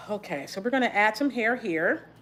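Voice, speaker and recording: A woman's voice: mid-range voice, expressive, moderate pace, a bit bright, slight background noise. A middle-aged woman from Texas, livestreaming as she twists her braids, sighing often and holding back tears. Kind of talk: casual livestream chat while doing her hair.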